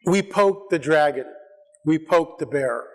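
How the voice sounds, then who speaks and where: A man speaking at a church conference, telling stories in a rambling, animated way and acting out the voices of people he quotes. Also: on the high side, unhurried. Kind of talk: casual storytelling talk at a church conference. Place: church hall. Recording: long hall reverb.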